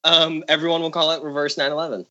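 A man co-hosting a comedy podcast, riffing excitably on absurd jokes in casual chat. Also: fairly high pitch, fast, dull audio, crowd noise. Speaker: podcast co-host.

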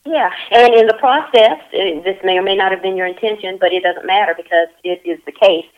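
A woman's voice: medium pitch, brisk, dull audio. A woman interviewing someone over the phone, playful and teasing, laughing often.

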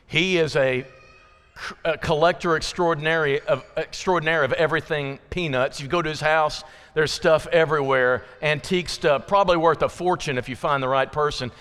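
High-voiced man preaching in a reverberant church. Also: steady tone, a little fast, a bit bright, smooth. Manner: conversational, folksy preaching with asides to the congregation. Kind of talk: sermon. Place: church sanctuary. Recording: long reverb of a church hall.

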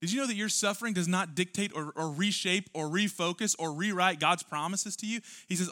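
Bright-voiced man preaching a sermon. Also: sits high, a little fast, few pauses. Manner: earnest, emphatic preaching with rhetorical questions. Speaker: pastor.

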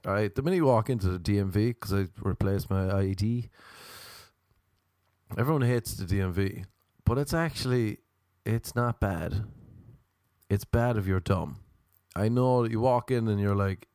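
A man from Ireland doing a crude, comedic monologue as a podcast host, storytelling with big animated swings. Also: lowish voice, normal speed, dry recording.

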